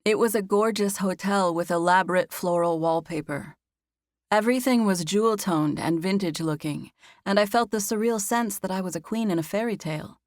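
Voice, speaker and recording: A woman narrating a romance novel in the first person, in an even, intimate storytelling manner. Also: mid-range voice, moderate pace, no echo, studio quality. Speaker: audiobook narrator.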